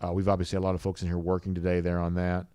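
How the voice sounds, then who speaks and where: A man's voice: low-pitched, monotone, rapid-fire, mellow, clear, resonant tone, dry recording. A man hosts a live show, reading viewer comments in an easygoing, rambling way with many fillers. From rural US South. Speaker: podcast host.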